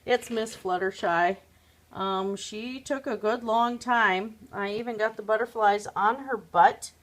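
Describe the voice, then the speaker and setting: A woman's voice: medium pitch, measured pace. A woman chatting casually at home, showing her craft pieces to a phone camera, rambling with many fillers. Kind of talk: casual show-and-tell chat.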